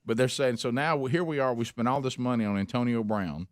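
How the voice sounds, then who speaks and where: A man's voice: medium pitch, brisk, no room sound, studio quality. A man hosting a casual radio talk show, rambling and chuckling, with lots of false starts.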